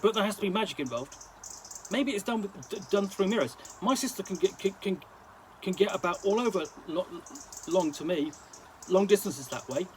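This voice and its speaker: Brief: man reading as a high, lively, lost young woman warrior who is quick to anger. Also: a little hiss or hum. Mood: indignant. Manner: hot-tempered, speaks in halting bursts. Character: bewildered young woman adventurer, a warrior lost in a strange land.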